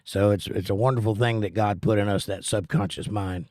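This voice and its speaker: A man's voice: lowish voice, steady tone, fairly quick, a little mellow, no echo, clean studio sound. A middle-aged American man with a plainspoken, earnest manner, chatting with his stream audience and teaching about the Bible. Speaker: livestream host and Bible teacher. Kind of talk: casual chat and Bible teaching.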